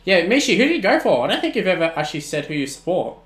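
A young man, commentating his own video game on a live stream in excitable bursts, often shouting. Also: sits high, very fast, echoey room. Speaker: gaming streamer.

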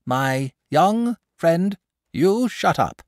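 For an audiobook, a man voices a gentle, polite, nervous and fussy male dragon from a storybook, pitching well above his natural voice into a fairly high register. The heavily acted delivery swoops wildly in pitch at a moderate pace, recorded cleanly in a studio with no room sound.

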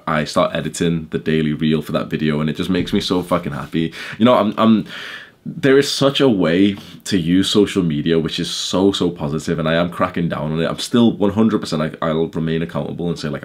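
A young man telling a story straight to his audience in a quick, rambling rush. His voice sits low and deep, and his talk is full of fillers and casual swearing. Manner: fast, chatty, swearing, lots of "like" fillers. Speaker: YouTuber.

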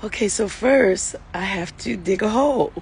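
A woman's voice: mid-range voice, moderate pace, vocal fry, darkish tone, a little hiss or hum. A tearful woman live-streaming from her yard, talking emotionally and repetitively to her viewers. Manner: emotional, repetitive self-talk, nervous laughs. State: tearful, on the verge of crying. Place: outdoors in a yard by the lawn.

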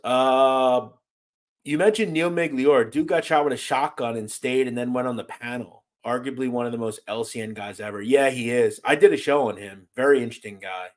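A man's voice: mid-range voice, normal speed. An American man hosting a casual livestream, reading chat comments aloud and answering them bluntly, swearing freely and sounding exasperated. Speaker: host reading live chat.

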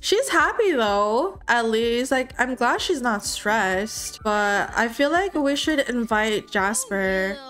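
Chatty young female gaming creator, high-ish voice, faint music bed. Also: slow, few pauses. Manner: excitable, chatty, talks to her characters. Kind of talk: let's play commentary.

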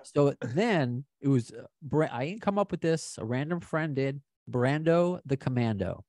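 A podcast host, a man from Long Island, chats with his guest in an enthusiastic, joking way. His pitch rises and falls a lot as he talks. The sound is dry, with no room echo. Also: animated, measured pace, darkish tone. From Long Island, New York. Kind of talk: casual podcast chat.

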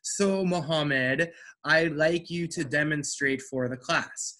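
A man's voice: on the high side, slow, sharp tone. A man teaching an English lesson online over a video call. He explains things patiently, step by step, and encourages his students.

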